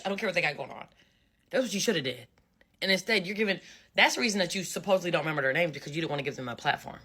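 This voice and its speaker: A woman delivers a casual commentary rant with a blunt, emphatic edge. Her voice sits a little low yet rings bright and forceful, and she drives her points home by saying them again and again. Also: fast. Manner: blunt, emphatic, repeats phrases for effect. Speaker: social media commentator.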